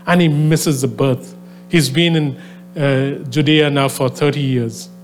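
At a venue with a soundboard, a man preaches a sermon to a live audience, first telling a story conversationally with many fillers, then building into a fervent exhortation. His medium-pitched voice is steady and measured, with faint music behind him.

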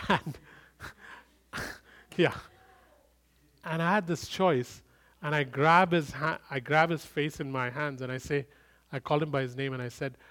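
A middle-aged man preaching a sermon, swinging from loud emphatic bursts to quiet, intimate storytelling. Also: a little high, normal speed. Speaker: pastor.

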